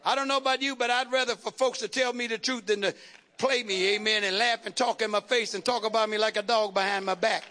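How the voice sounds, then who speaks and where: A man preaching a call-and-response sermon, building rhythmic repeated lines into shouted refrains. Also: high voice, fairly even intonation, quick pace.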